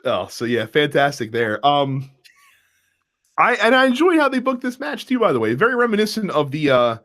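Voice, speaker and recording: A man chatting casually as a co-host, his pitch leaping around as he tells a story. He laughs a lot and keeps the talk loose and lively. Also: normal speed. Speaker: wrestling podcast co-host. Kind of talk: casual chat.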